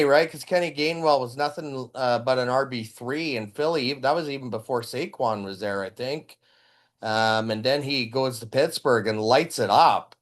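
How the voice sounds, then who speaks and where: A man from British Columbia hosting a fantasy football draft preview, tired and talking loosely with lots of fillers. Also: fairly high pitch. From British Columbia, Canada. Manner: chatty, loose, many fillers. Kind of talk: casual analysis over screen share.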